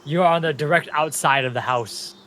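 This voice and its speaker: A man's voice: a little high, a little fast, a bit bright, a little hiss or hum. A young man narrating as game master, loose and chatty, breaking into chuckles as he describes the scene.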